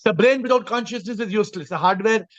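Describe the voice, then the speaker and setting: A man's voice: high-pitched, fast talker, dry recording, lo-fi sound. A man leading an online group call as a spiritual teacher, explaining emphatically and repeating his phrasing. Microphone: video call.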